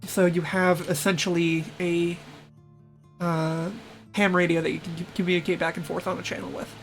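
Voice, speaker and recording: A woman's voice: on the low side, little pitch movement, moderate pace, soft background music. A woman as game master, narrating the scene casually with fillers and laughs.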